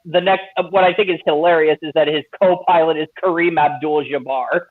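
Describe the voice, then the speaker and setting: A man's voice: fairly high pitch, fairly quick. A man chatting casually in a group talk, eagerly retelling movie scenes and laughing. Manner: animated, acts out movie quotes with laughter. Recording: tinny phone-like line.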